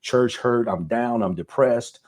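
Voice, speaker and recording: A man's voice: medium pitch, unhurried, a little mellow. A man, an author and car salesman, earnestly telling a personal story in a casual interview, often repeating words. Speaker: author guest.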